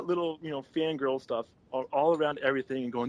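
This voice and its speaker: Guy on a podcast telling a story all excited, laughing a lot, does little voices for people, dry sound. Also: on the high side, moderate pace, no echo, low-quality recording. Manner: excitable, laughs often, acts out quoted lines. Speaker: podcast guest.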